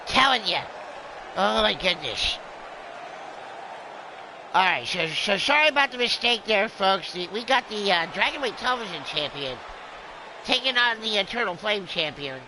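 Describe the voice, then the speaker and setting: A man's voice: sits high, animated, measured pace, pauses often, background noise. A man calling a wrestling game as a rambling, jokey streamer who plays a drunken clown persona. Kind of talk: excitable play-by-play game commentary.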